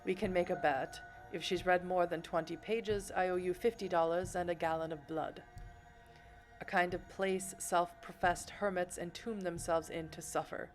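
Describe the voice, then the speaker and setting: A courteous but quietly menacing male vampire sheriff from a video game , read out by a woman. He speaks calmly and mockingly. The voice is fairly low and sits over faint music. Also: moderate pace, natural voice.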